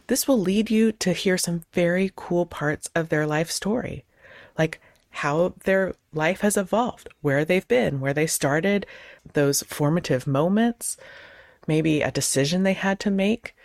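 A woman host in her thirties giving casual advice on conversation, acting out both sides of sample chats in quick changes of voice. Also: on the low side, a little mellow, dry recording, clean studio sound. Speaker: podcast host; clergy.

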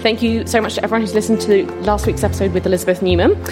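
A woman's voice: mid-range voice, steady tone, rapid-fire, music in the background. A woman co-hosting a theatre podcast, presenting in a chatty, upbeat way. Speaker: podcast co-host.

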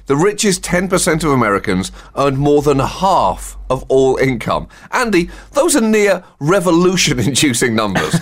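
A man co-hosting a satirical comedy podcast, delivering sardonic riffs and chuckling at his own jokes. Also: a little high.

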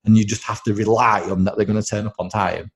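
Low gravelly man. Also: level tone, fast talker. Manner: blunt, opinionated, jokey. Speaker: podcast co-host. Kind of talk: casual podcast chat.

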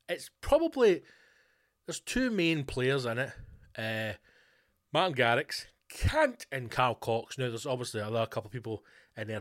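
A Scottish man hosting his own podcast, talking alone in a rambling, sweary, animated way. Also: mid-range voice. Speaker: podcast host. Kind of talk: casual monologue.

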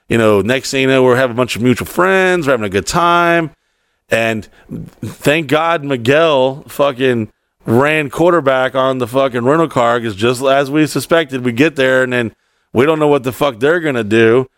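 A man's voice: mid-range voice, no echo. A man co-hosting a podcast, telling a story in a rambling, profane way with lots of fillers. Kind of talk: casual storytelling.

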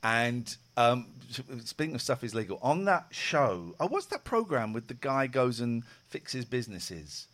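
A man's voice: medium pitch, measured pace, hardly any pauses. A man hosting a radio show, chatting casually and telling stories with acted-out quotes. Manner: lively storytelling, acting out quotes.

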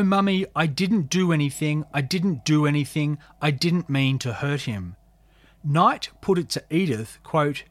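A man's voice: a little high, no echo. Man narrating true crime in a dry, close voice. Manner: measured, reads quoted testimony in a subdued tone. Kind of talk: true crime narration reading court testimony.

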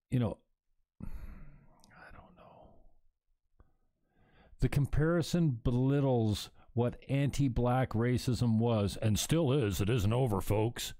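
A man's voice: mid-range voice, dark tone. A man hosting a talk show, speaking bluntly and emphatically, with frequent profanity. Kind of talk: heated opinion talk.

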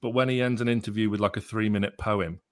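A man's voice: lowish voice, steady tone, fast, dry recording, studio quality. A male podcast co-host chatting casually and loosely, laughing along with his guest. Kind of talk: casual interview chat.

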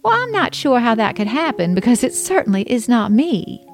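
A woman voicing a genteel, kind middle-aged Southern woman who talks sweetly and slowly, as if to a child. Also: high-pitched, very animated, soft background music, pitched above the performer's own voice, exaggerated voice. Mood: polite, gentle.

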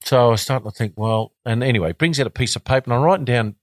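An Australian man in his fifties spins animated stories as a guest. He often doubles back on his words as he goes. His voice sits dry and close to the mic. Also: mid-range voice, rapid-fire, no room sound. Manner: animated, repeats words and restarts. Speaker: guest, former cricketer. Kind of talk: casual storytelling.

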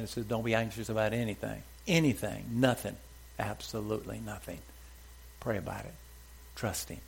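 A man's voice: mid-range voice, a little mellow, slightly rough. Emphatic male pastor preaching. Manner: emphatic, repeats short exhortations. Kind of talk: sermon. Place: church before a congregation.

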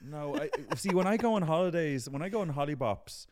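A man's voice: on the high side, lively intonation, a little fast, darkish tone. A young man co-hosting a podcast, chatting in a camp, joking way. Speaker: podcast co-host. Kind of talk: casual chat.

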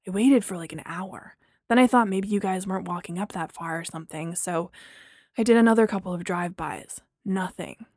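A woman voicing a young man who jokes wryly and apologizes in a low-key way, in an audio drama reading. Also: fairly quick, a little mellow, dry recording, clean studio sound. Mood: explaining. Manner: sheepish, wry, low-key.

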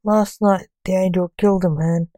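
A woman's voice: lowish voice, fairly even intonation, normal speed, dark tone, no echo, natural voice. A woman voicing a scared young male magician, the reaper king's son, speaking timidly and reluctantly.

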